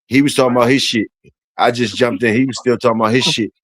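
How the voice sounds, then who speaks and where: A man's voice: mid-range voice, fairly even intonation, fast, a bit bright, dry recording. A man hosting a casual livestream, talking in slangy, profane, repetitive banter to his chat and guests. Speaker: livestream host.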